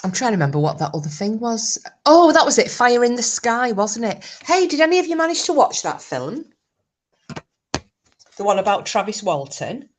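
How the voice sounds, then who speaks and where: A woman's voice: on the high side, very animated, normal speed. An older woman hosting a casual livestream chat, laughing often and reading out her viewers' comments. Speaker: livestream host.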